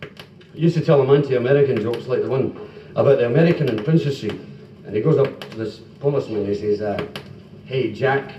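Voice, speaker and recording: Scottish club comic, roomy old live tape. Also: male voice, mid-range voice, fast, warm tone, slight background noise. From Scotland. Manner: joke-telling banter, bursts into comic songs. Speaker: stand-up comic and singer. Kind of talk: live club comedy with songs. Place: police social club function room. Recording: dull roomy 1970s live club recording from a distance. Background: band music and laughing audience.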